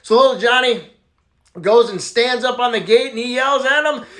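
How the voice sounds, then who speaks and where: A man telling a string of jokes in a casual, animated way, jumping up in pitch for the punchlines. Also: normal speed. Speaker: joke teller.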